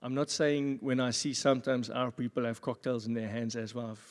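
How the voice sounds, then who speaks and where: A man pastor giving a sermon at a church service, with jokey, animated asides. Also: mid-range voice, normal speed. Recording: long reverb of a church hall.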